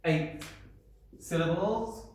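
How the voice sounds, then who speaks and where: A male primary school teacher giving a recorded lesson to children at a whiteboard. He talks in an animated, playful way and puts questions to the pupils. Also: sits high, extremely slow. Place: classroom by a whiteboard. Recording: echoey room.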